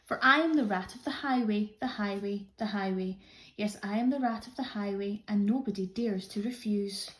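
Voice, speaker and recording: A woman voicing a greedy, boastful male rat highwayman in a children's story, chanting his demands. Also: normal speed, fairly bright tone, close to an everyday voice. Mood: greedy boasting. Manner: blustering, demanding sing-song chant.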